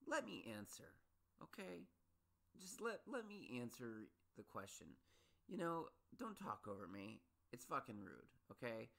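A man of ordinary mid pitch talks through a solo podcast rant about his pet peeves. He rambles and restarts often, and sounds hyper and wound up. At times his voice jumps high and loud in exasperation. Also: sing-song, unhurried, vocal fry. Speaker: podcast host.

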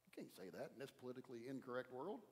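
A male pastor preaching a sermon in a church, pressing his points hard and often dropping his voice low. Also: expressive, rapid-fire, a little mellow, big-room sound. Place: church sanctuary.

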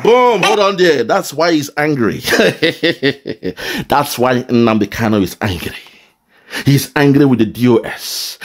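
A man delivers fiery political commentary, hammering his points home through repetition. His voice swings widely in pitch, rising and falling with a preacher's drive. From southeastern Nigeria. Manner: forceful, preaching, heavy repetition. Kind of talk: impassioned video commentary.

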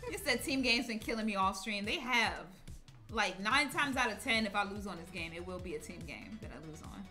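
A young woman hosting a gaming livestream, chatting casually, thanking viewers and reacting loudly with some cursing. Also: medium pitch, expressive, brisk. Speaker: livestreaming gamer, host. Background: game music.

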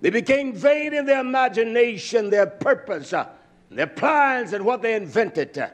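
A male preacher delivering a fiery sermon, swinging between low drawn-out phrases and shouted lines. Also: lively intonation. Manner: chants and sings repeated words.

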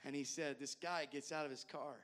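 A male pastor telling folksy stories in a sermon, addressing the congregation directly and repeating words as he goes from loud to soft. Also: a little high, steady tone, fairly quick. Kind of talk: sermon storytelling.

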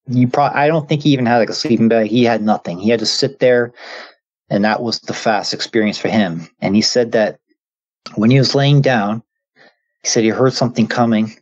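A man with a fairly low voice casually retells a story he heard from someone else. He speaks in a halting way, stopping and restarting with many fillers. The recording sounds dull and lo-fi. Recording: dull lo-fi audio.

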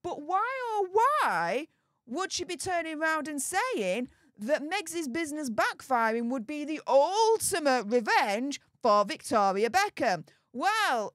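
A woman talks through celebrity gossip in a chatty commentary style. Her voice sits a little high and she leans into drawn-out, dramatic emphasis. The sound is dry and close, with no room echo. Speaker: commentary channel host.

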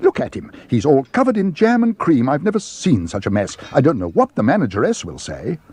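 A man's voice: medium pitch, sing-song, a little fast, a little mellow, breathy edge, voice pushed up. A man voicing a flustered, fussy middle-aged father in a storybook reading. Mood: exasperated. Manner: flustered, exasperated.

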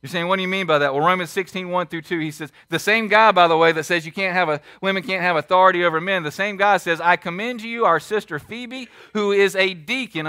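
Man, pastor preaching, high voice, forceful, dry close sound, emphatic, rhetorical questions. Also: no room sound. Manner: emphatic, shifting between loud and hushed; asks the congregation many rhetorical questions. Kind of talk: sermon. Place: church sanctuary.

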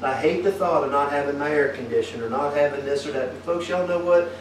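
Speaking fast in a slightly high voice, a man preaches a folksy sermon and throws frequent tag questions back at his congregation. A crowd can be heard in the background, and the echoey room is picked up from a distance.

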